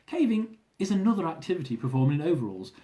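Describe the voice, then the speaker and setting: A man reading his own travel memoir aloud, his pitch rising and falling in an animated way as he tells the tale with amused chuckles. His voice sits a touch above the usual male pitch. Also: quick pace, reverberant. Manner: lively, amused storytelling with chuckles.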